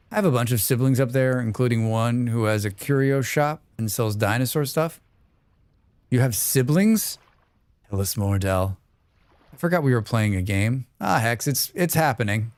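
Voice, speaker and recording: A man's voice: medium pitch, animated, a little slow, darkish tone, dry recording. Joking man chatting on a gaming stream. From Canada. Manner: joking, reads chat aloud, rambling asides. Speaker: livestream host. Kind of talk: casual livestream chat while gaming.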